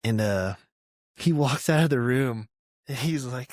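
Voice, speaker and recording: A man's voice: medium pitch, unhurried, dry recording, studio quality. A man in his thirties from Georgia, a veteran guest telling army stories in casual, profane talk and acting out the voices of others. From Georgia, USA. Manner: profane, animated storyteller who acts out quotes loudly. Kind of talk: casual storytelling interview.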